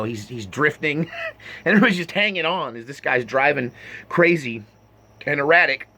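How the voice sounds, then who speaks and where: A man's voice: fairly high pitch, sharp tone. A man in his fifties telling his life story in a rambling, self-mocking way, often laughing at himself. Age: 50s. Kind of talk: personal storytelling.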